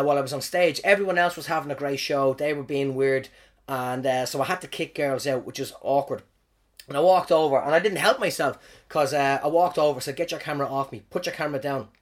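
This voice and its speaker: An Irish comedian hosting his podcast, telling stories about his gigs in an animated, swearing, self-mocking way. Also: medium pitch, a little fast. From Ireland. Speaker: stand-up comedian, podcast host. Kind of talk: casual storytelling monologue.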